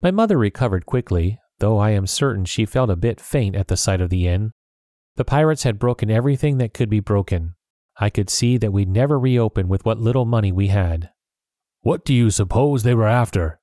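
A man narrating a storybook chapter in a steady, plain first-person reading. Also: on the low side, fairly quick, no echo, clean studio sound. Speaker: audiobook narrator.

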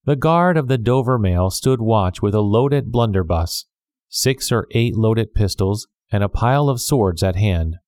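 Low, mellow male storybook narrator. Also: animated, no room sound, clean studio sound. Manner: measured, clear reading with character voices. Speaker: audiobook narrator.

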